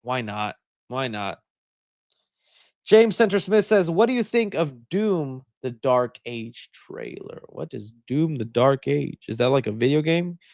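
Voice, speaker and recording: A man hosting a live stream, reading out viewer comments and answering them in an animated, chatty way, thinking out loud. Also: medium pitch, measured pace, no echo, studio quality. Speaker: host.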